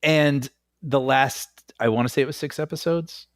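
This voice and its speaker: A man co-hosting a film podcast in casual chat, giving measured opinions and laughing easily. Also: mid-range voice, no echo, studio quality. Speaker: podcast co-host.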